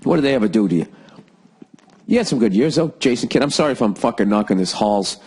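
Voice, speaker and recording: A man's voice: mid-range voice, expressive, fast talker, a little mellow, husky. A man hosting a solo podcast, rambling and sarcastic, swearing constantly, with a lingering cough. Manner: profane, sarcastic, riffing. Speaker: podcast host.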